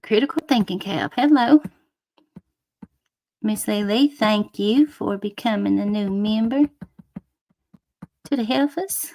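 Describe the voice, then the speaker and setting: A woman's voice: medium pitch, takes it slowly, pauses often, warm tone, no room sound. A woman hosting a casual livestream, greeting viewers with endearments and breaking into swearing rants. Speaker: livestream host. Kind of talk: casual live chat reading comments.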